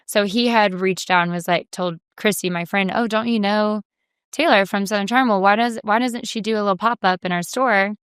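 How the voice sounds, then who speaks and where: Woman guest, chatty interview talk, smooth clear tone, close dry mic. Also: mid-range voice, brisk, no room sound. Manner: chatty, quotes herself and others often. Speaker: reality TV guest. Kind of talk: casual interview chat.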